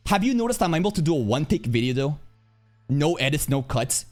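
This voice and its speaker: A man's voice: a little high, sing-song, darkish tone, soft background music. Angry guy ranting on stream, cussing nonstop, voice swings up and down a lot. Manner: aggressive, profane, combative; rapid, assertive delivery. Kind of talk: angry reaction-stream rant.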